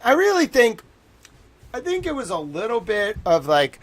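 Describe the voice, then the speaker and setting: A man streaming a casual rant, swinging between low mutters and near-shouting, often breaking into laughter. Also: huge pitch swings, moderate pace.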